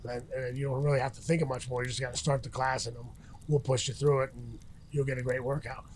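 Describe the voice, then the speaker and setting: A man's voice: medium pitch, flat delivery, fast, darkish tone, a little hiss or hum. A middle-aged man talking casually as an interview guest outdoors by a campfire, rambling with many restarts and fillers. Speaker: interview guest, retired fighter.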